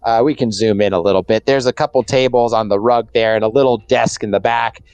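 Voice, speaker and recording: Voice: medium pitch, steady tone, a little fast, a little mellow, clean tone, no echo, low-quality recording. A game master narrating a tabletop game in a hesitant way, full of fillers and restarts.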